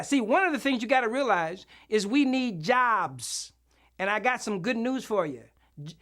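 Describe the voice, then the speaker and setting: Bright, preacher-style man shouting for amens. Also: high-pitched. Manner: emphatic call-and-response, asks for amens; often shouts and draws out key words. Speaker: minister speaking at a political event. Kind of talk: impassioned preacher-style speech.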